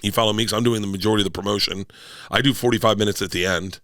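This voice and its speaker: A man with a fairly low voice chats as a podcast guest, spinning loose, rambling stories. He swears casually and slips into other people's voices when he quotes them. The sound is close and dry, with no room echo. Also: steady tone, racing, fairly bright tone. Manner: rambling storyteller who swears freely and acts out other people's lines. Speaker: touring stand-up comedian, podcast guest.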